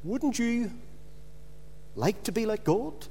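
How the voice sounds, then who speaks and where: A preacher doing a sly, hushed devil. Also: male voice, high-pitched, very animated, a little hiss or hum. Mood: tempting. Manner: hushed, slow and insinuating. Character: sly whispering devil, male, scheming tempter.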